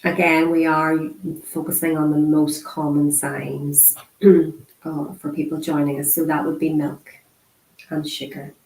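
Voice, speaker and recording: Woman, lowish voice, unhurried lesson delivery with repeated words, roomy echo. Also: level tone, darkish tone. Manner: slow and measured, repeating single words with pauses; frequent throat clearing and fillers. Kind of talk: interpreted beginner lesson, spoken aloud.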